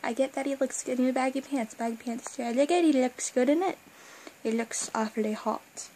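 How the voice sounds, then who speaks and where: A young woman chatting excitedly as a fan vlogger, rambling and gushing, with bursts of excitement and quiet asides. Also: sits high, quick pace, slight background noise, poor audio. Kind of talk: excited casual fan chat.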